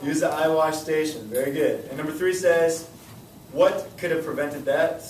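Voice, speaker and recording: A young male high school science teacher leading a classroom lesson, energetic and repeating his questions to the students. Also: moderate pace. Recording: echoey classroom from far off.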